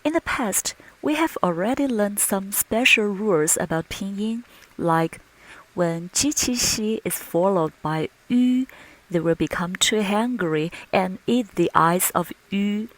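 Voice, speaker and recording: A woman teaching a language lesson slowly and patiently, modelling sounds with clear, deliberate speech. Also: expressive, low-quality recording. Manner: clear, deliberate, models each tone with exaggerated pitch. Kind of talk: slow, patient pronunciation lesson with drills.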